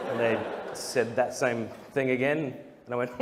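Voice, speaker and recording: A man's voice: medium pitch, big pitch swings, slow pace, few pauses. A man with an Australian accent telling funny stories in a jokey, self-deprecating way with frequent chuckles. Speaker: speaker. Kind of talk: humorous storytelling talk. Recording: long hall reverb, faint noise.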